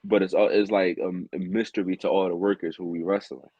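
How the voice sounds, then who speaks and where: A man with a lowish voice chats as a podcast guest, relaxed and offhand, his sentences sinking softly at the ends. The recording sounds dull and lo-fi. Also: fairly quick, no echo. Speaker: guest wrestler. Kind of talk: casual interview chat.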